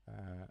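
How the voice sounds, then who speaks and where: A young man with a Huthwaite accent from near Mansfield, rambling through joking asides as he streams a train game and drops his H's and T's. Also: warm tone. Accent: Huthwaite, Nottinghamshire. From Mansfield area, England. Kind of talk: casual chat while gaming.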